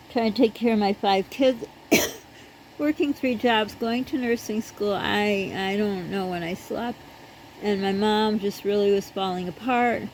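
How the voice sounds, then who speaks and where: A woman's voice: mid-range voice, a little mellow, slight background noise, poor audio. Earnest rambling middle-aged woman. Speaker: vlogger. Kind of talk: casual personal talk to camera.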